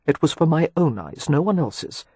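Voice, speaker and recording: Brief: a man playing a husky, teasing suitor in a romance audiobook, low and intimate. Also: big pitch swings, normal speed, dark tone, no room sound. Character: teasing, ardent gentleman, wry and seductive. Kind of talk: audiobook dialogue.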